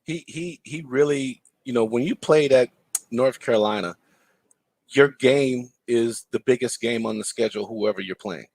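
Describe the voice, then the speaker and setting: This medium-pitched man speaks at normal speed in a recording without room sound. A former player and broadcaster on a podcast as a guest, he relaxes into basketball anecdotes, acting out what each person said.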